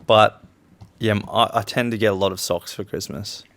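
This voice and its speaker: A man's voice: fairly low pitch, steady tone, moderate pace, a bit bright. Easygoing man, rambling chat. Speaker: podcast co-host. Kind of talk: casual chat.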